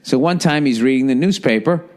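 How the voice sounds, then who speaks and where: A middle-aged man from Boston hosting a podcast, ranting casually and profanely, swinging between loud gripes and low muttering. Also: fairly quick. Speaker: podcast host. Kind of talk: casual comedic podcast rant.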